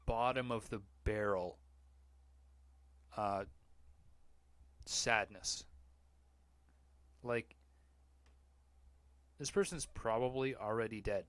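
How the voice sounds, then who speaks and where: A man's voice: mid-range voice, fairly bright tone, smooth, no room sound. A man hosting a podcast, reading online posts aloud in a casual, mocking, profane way. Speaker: podcast host.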